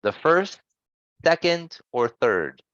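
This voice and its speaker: A man's voice: on the high side, big pitch swings, dry recording. Patient male pronunciation teacher. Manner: patient, gently correcting, models sounds slowly. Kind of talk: online language lesson. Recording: dull, dry lo-fi sound.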